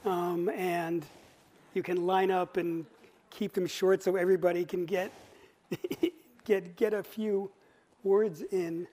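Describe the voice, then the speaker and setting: A woman moderating a live interview, talking in a halting way with lots of fillers. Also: on the low side, level tone, dark tone.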